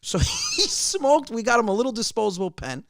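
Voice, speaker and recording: A young man, a stand-up comedian, telling family stories in a podcast interview, animated and jumping way up in pitch on punchlines. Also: normal speed, creaky, no room sound, clean studio sound.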